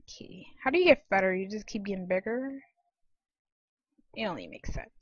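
A woman giving casual, excitable commentary while playing online games, often giggling and squealing. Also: mid-range voice, moderate pace, husky, no echo, highs cut off. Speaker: gaming channel host.

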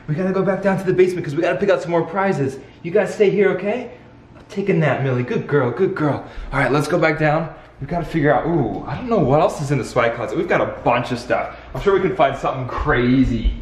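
Young guy vlogging, hyped and chatty, kinda high voice, echoey room with music in the back. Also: recorded from a distance. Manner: excited, talks to viewers and pets. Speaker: vlogger host. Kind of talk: upbeat family vlog chat.

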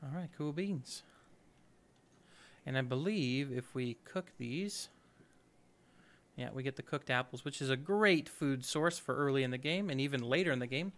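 A man's voice: medium pitch, moderate pace, long pauses, fairly bright tone. A man hosting a let's play, giving upbeat, chatty gameplay commentary and thinking aloud as he goes.

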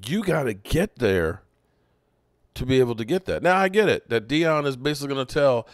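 A man's voice: mid-range voice, expressive, quick pace, clear, resonant tone, no echo, clean studio sound. A man hosting a sports podcast, talking through his thoughts casually with frequent restarts. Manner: conversational, thinking aloud with restarts. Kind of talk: casual commentary.

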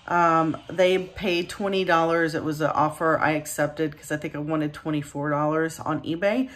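A woman's voice: deep voice, fairly even intonation, normal speed. Chatty woman reseller vlogging her sales. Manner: chatty, upbeat, self-deprecating. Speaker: part-time reseller vlogger. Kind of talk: casual chat showing sold items.

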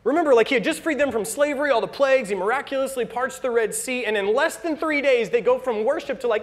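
High-voiced young American pastor preaching. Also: male voice, fast, few pauses. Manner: casual storytelling, acts out quotes. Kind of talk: sermon.

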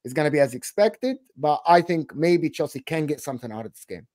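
Calm analytical man, dry close sound. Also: on the high side, fairly quick, no room sound. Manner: calm, methodical, repeats his point. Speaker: football fan pundit. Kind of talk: measured match analysis.

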